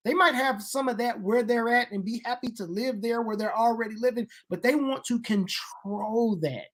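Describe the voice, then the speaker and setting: A woman in casual conversation, explaining the Bible in an animated way and building her points to emphatic peaks. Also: on the high side, moderate pace. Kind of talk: casual discussion of Bible history.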